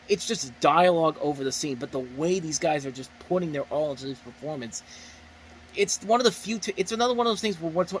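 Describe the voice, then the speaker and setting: Guy rambling happily about a comedy he loves, mid pitch, lots of restarts, faint room noise. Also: poor audio. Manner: rambling, frequent restarts, enthusiastic. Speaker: movie reviewer. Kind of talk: casual spoken review.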